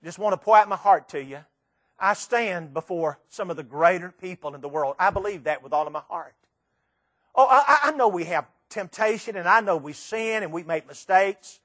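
A middle-aged man preaching a sermon, telling a story emphatically with repeated phrases and dramatic pauses. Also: sits high, expressive, a bit bright.

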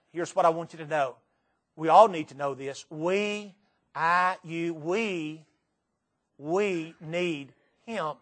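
A Southern preacher with a notably high voice delivers a sermon in a church. He speaks earnestly and repeats his points, slowing down to press each phrase home. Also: fairly bright tone. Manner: earnest, repetitive, slow emphatic phrases. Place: church sanctuary.

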